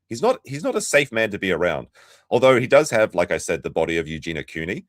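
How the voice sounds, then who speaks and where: A man's voice: deep voice, very animated, quick pace, no room sound. A man hosting a reaction commentary, mocking the clips he plays and talking to his chat. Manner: mocking, sarcastic, talks to chat. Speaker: commentary channel host.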